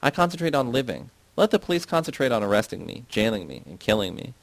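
A man's voice: medium pitch, very animated, fast, gravelly, dry recording. A man playing an earnest, defensive young idealist. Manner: earnest, argumentative explaining.

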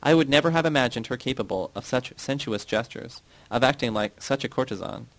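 A man narrating a novel in a measured reading voice, giving the characters' quotes a light touch. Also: medium pitch, a bit bright, no echo, low-quality recording. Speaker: audiobook narrator. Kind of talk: scripted narration.

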